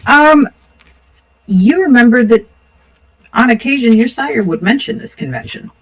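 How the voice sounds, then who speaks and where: A woman running a tabletop role-playing game as game master, narrating in a relaxed way with lots of ums and uhs. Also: on the high side, unhurried, low-quality recording. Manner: relaxed, hesitant with many fillers.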